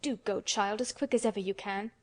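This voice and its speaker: A woman's voice: medium pitch, close to an everyday voice. A woman reading an audiobook voices a flustered, anxious nurse who talks in a hurry. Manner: hurried, anxious. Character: flustered, hurried woman servant.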